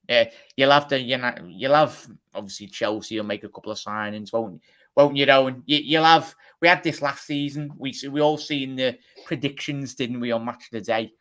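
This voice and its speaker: A young man in his twenties hosts a casual livestream chat. He rambles loosely, laughs often and greets viewers by name. His voice sits at an ordinary male pitch. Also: a bit bright. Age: 20s. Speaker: livestream host.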